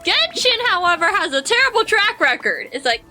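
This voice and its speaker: A woman's voice: very high-pitched, very animated, moderate pace, hardly any pauses, pushed and bright, soft background music, low-quality recording. A woman streamer giving casual gameplay commentary, rambling through explanations to her chat.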